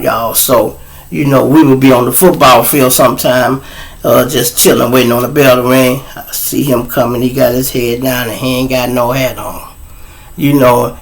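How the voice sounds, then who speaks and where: A man's voice: medium pitch, creaky. Cussing man telling a story. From Chicago. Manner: profane, animated, talks straight to the audience. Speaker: show host. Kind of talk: storytelling monologue.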